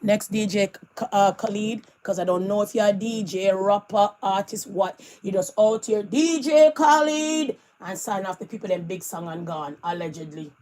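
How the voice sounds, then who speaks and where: A woman's voice: medium pitch, steady tone, normal speed, few pauses, mellow. A woman giving sassy celebrity gossip commentary as a vlogger, laughing often between her remarks.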